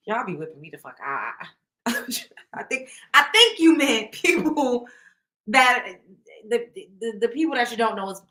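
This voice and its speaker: A woman's voice: fairly high pitch, pushed and bright. A young woman hosting a casual live stream, reading comments aloud, laughing often and swearing playfully.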